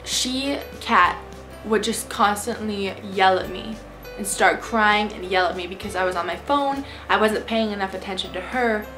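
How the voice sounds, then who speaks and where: A young woman tells a storytime on her vlog, animated and exasperated as she recounts a bad trip. Her pitch sits in the middle range. Faint music plays behind her. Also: moderate pace. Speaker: vlogger.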